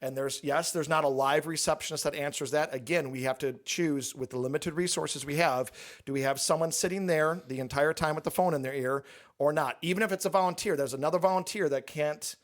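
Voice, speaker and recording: Pastor, male, higher-pitched, candid, explains at length in a casual Q&A. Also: steady tone, fairly quick. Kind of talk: casual church Q&A talk.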